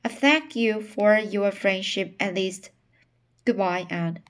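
A woman's voice: mid-range voice, slow pace, lightly acted. A woman reading the lines of a proud young man who is bitter after being turned down, keeping close to her own voice. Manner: stiff and bitter.

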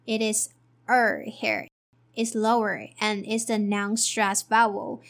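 Woman teaching english sounds, says every word twice, slow and careful. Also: fairly high pitch, fairly even intonation, a bit bright. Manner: spells letters and repeats each word twice.

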